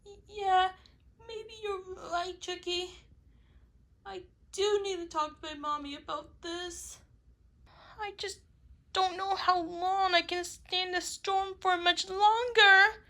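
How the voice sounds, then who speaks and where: A small, fretful child played by a woman stammers and trembles through a homemade cartoon. The voice is very high and bright, the pace slow and drawn out, with soft music playing underneath. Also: steady tone, full character voice. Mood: timid. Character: small scared child, Nina.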